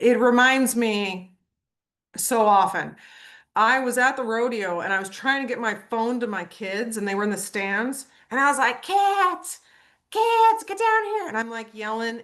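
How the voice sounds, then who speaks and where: A lively woman with a fairly high voice, hosting a relaxed group call about horses. She tells stories with energy and leaps up in pitch when she acts out what people said. She is middle-aged and chats easily. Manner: animated storyteller, acts out quotes with big pitch jumps. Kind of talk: casual group video call chat.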